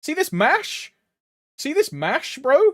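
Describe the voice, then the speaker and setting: A man's voice: extremely high pitch, wildly swooping pitch, slow pace, a bit bright, a little hiss or hum. A man streaming a game, chatting casually with swearing, laddish banter. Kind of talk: casual live stream chat.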